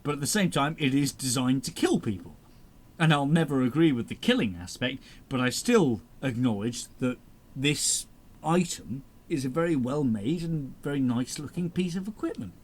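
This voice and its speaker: A man co-hosting a podcast in casual chat, rambling through animated stories with plenty of swearing. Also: medium pitch, moderate pace. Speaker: podcast co-host.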